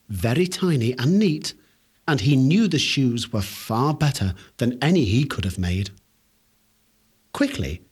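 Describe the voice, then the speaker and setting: A man reading a fairy tale aloud for children in an expressive storytelling manner. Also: medium pitch, slightly rough.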